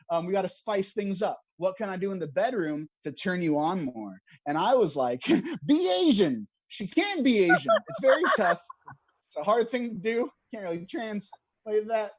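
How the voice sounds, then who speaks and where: A man's voice: sits high, dry recording. A young man doing a stand-up comedy set over a video call, joking at his own expense and laughing at his own lines. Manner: self-deprecating, laughs at own jokes. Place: at home, streamed online.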